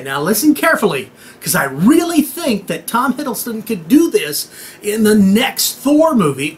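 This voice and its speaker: A man's voice: high voice, a bit bright. A man telling an old myth as a comic, irreverent story, joking and talking straight to the audience. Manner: acts out voices and noises in the tale.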